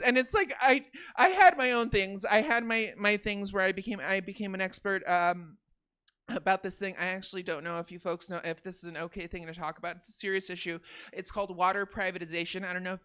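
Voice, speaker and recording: A woman in her thirties doing a stand-up comedy set, swinging from quiet confiding asides to loud shouted punchlines. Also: medium pitch, brisk, smooth. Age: 30s. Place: comedy theater stage.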